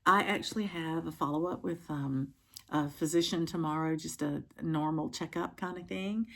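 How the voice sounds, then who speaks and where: A middle-aged woman chatting casually to camera from home as a stitching vlogger, with frequent ums and pauses. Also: sits low, creaky.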